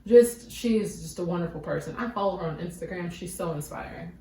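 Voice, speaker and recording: A woman's voice: on the low side, fairly quick, dark tone, recorded from a distance, slight background noise. Woman co-host, teasing, echoey room. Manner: teasing, laughs easily. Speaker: podcast co-host. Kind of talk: casual movie review chat. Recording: roomy, mic set back.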